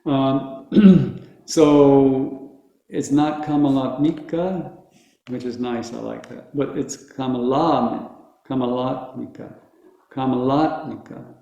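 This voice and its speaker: Slow, patient man teaching syllables. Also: medium pitch, steady tone, vocal fry, dark tone. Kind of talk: Sanskrit pronunciation class. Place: room with a group of students. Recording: dull, echoey room recording.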